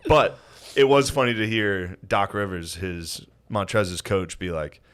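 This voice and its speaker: A man's voice: on the low side, unhurried, fairly bright tone, clean tone. A man in his thirties telling family stories as a guest in casual chat, laughing often and mimicking his father's voice.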